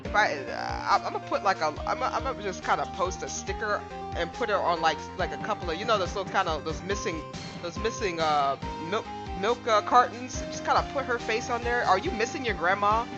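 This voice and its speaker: A woman's voice: medium pitch, lively intonation, fairly quick, hardly any pauses. A woman casually commenting on a game she is playing, joking, rambling and poking fun at herself. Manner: joking, rambling, self-deprecating. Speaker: gaming YouTuber. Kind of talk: casual let's-play commentary. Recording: dull audio with game music.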